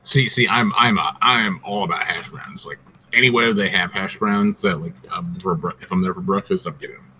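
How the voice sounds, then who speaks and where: A man's voice: sits low, steady tone, fairly quick, pushed and bright, slight background noise. A man co-hosting a podcast, talking in rambling, self-interrupting casual chat and swearing freely. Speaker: podcast co-host.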